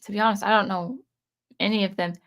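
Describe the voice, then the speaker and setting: Woman, 30s, livestream host: casual, rambling, frank, frequent self-corrections, mid-range pitch. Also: fairly even intonation, fast talker, fairly bright tone. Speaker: channel host.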